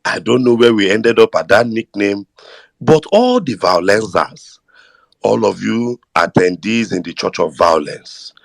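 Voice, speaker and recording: A man's voice: lowish voice, lively intonation, measured pace, creaky, no echo. A man with a Nigerian accent co-hosting a live audio chat room, emphatic and sweeping, mixing in pidgin.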